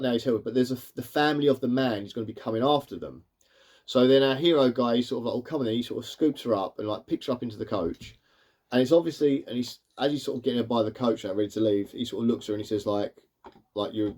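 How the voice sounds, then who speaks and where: A man casually reviewing an old animated film, rambling along with lots of "sort of" and "like". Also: mid-range voice. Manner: rambling, leans on fillers like "sort of" and "like". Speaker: cartoon reviewer.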